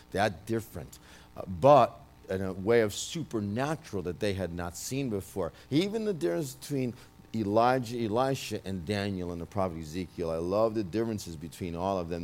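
A man with a New York accent delivers a prophetic word to a listener. His low voice stays loud and emphatic even when he tries to soften it, and he often restarts his sentences as he goes. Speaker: minister giving a prophetic word. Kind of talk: prophetic ministry speech.

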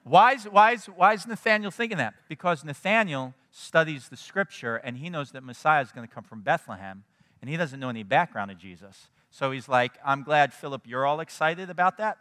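A man preaching a sermon in a conversational, animated way, often checking in with his listeners. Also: fairly high pitch, a little fast, big-room sound. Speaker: pastor.

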